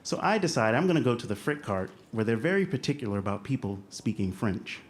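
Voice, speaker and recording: A man's voice: medium pitch, sing-song, fast, a little hiss or hum. A man telling a funny travel story. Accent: American, Southern. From United States. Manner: humorous, self-deprecating, acts out quoted voices. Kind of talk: live personal storytelling.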